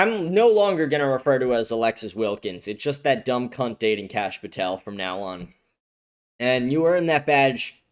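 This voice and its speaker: Young man ranting angrily, sore throat. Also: mid-range voice. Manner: angry, profane ranting. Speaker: host. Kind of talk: livestream political commentary.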